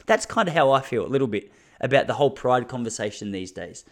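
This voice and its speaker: A man's voice: mid-range voice, rapid-fire. An Australian man in his thirties hosting a solo podcast, talking intensely and laughing between his points. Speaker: podcast host. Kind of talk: casual solo podcast monologue.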